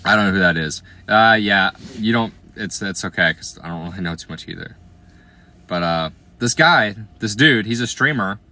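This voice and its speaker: An Iowa man in his late twenties hosts a casual livestream, riffing on viewer comments in a playful, slangy way and often dropping into quiet asides. His voice is a little low yet bright and forward, expressive, at a moderate pace.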